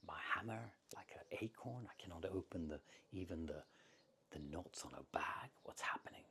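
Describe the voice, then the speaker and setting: A man's voice: low-pitched, normal speed, bright, forceful tone, slight background noise. A man doing an angry, baffled thunder god. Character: proud, angry thunder god, male adult.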